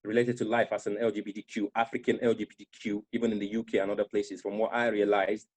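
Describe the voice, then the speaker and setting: A young man tells his personal story as a panel guest, in an earnest, halting way with many restarts. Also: lowish voice, flat delivery, darkish tone. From Nigeria.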